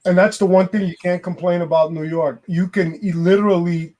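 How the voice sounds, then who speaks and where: A man chatting with a friend, telling stories in an animated way and stretching words for effect. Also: high-pitched, fairly quick. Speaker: friend calling in. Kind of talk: casual chat.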